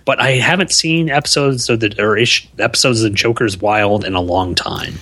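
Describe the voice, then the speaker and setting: A man co-hosting a podcast in casual chat, halting, with frequent restarts and fillers. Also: on the low side, sharp tone, no room sound. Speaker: podcast co-host.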